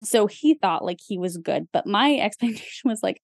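A woman's voice: mid-range voice, lively intonation, normal speed, vocal fry, hardly any pauses, no room sound, studio quality. A young woman co-hosting a podcast, talking in a casual, chatty way with lots of fillers and small laughs. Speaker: podcast co-host. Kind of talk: casual chat.

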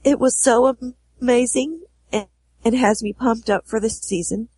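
A woman co-hosting a podcast with a cold, hoarse voice, reading listener messages aloud. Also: on the high side, fairly even intonation, normal speed, warm tone, no echo. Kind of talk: casual podcast chat.

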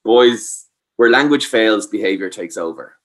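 A man's voice: on the low side, brisk, fairly bright tone. A man giving parenting advice, explaining patiently and checking that the listener follows. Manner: explains patiently, asks "does that make sense?". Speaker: parenting expert. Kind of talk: advice talk.

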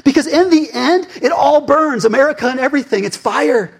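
A man's voice: very high-pitched, fairly quick, gravelly. Fired-up man preaching a sermon. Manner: fired-up, conversational preaching with big swings from loud to hushed. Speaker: pastor.

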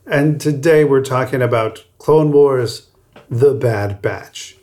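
A man's voice: mid-range voice, takes it slowly, a little mellow. A man co-hosting a podcast, chatting casually with frequent laughs and loose, rambling phrasing. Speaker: podcast co-host.

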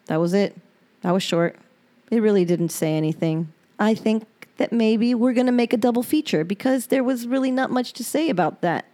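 Woman with a dark, mellow voice. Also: fairly high pitch, normal speed, soft background music. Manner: frank and emotional, with swearing. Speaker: podcast host reading her journal aloud. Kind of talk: reading personal diary entries aloud.

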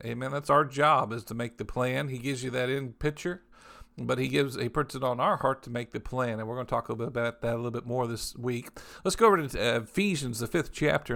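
Male pastor, gravelly voice, mid pitch; sermon delivery, drawn-out scripture reading. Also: a bit bright. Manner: repeats "amen" and "praise the Lord" between sentences, reads scripture slowly.

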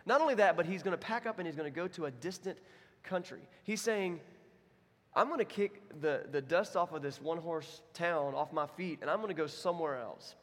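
A man's voice: fairly high pitch, a little fast, fairly bright tone, long reverb tail. A man preaching a sermon as pastor, in a conversational, self-deprecating way. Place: church.

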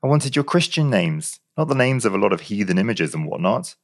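A man voicing a gruff, blustering male policeman who growls and lectures in a pompous, bossy way. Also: on the low side, big pitch swings, a little fast, pitched above the performer's own voice.

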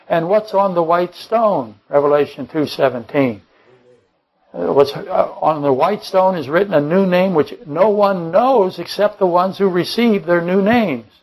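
A man's voice: high voice, a little mellow, poor audio. A man preaching a Bible-study sermon, rambling and correcting himself mid-sentence, firing off rhetorical questions and dropping joking asides. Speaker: pastor.

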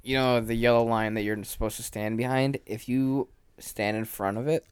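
A man's voice: normal speed, clear, resonant tone, no echo. A young man who is a guest on a podcast, chatting casually, swearing and joking. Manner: swearing, joking, lively pitch. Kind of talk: casual chat.

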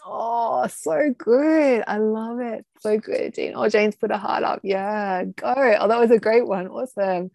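A woman leads a group video call in an upbeat, encouraging way, cheering people on with quick bursts of praise. Her voice is dry and close, with no room sound around it. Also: on the high side, steady tone, vocal fry, darkish tone, no room sound. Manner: enthusiastic, encouraging, many exclamations.

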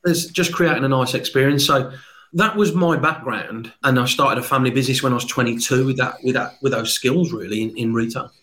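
A man's voice: medium pitch, a little fast, a bit bright. A man with a Birmingham accent, talking as a sales trainer guest in an upbeat, talkative podcast interview.

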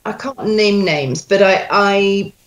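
A woman coaching accents, talking in a chatty, animated way with quoted asides. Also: medium pitch, takes it slowly. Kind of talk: casual chat. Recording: roomy echo.

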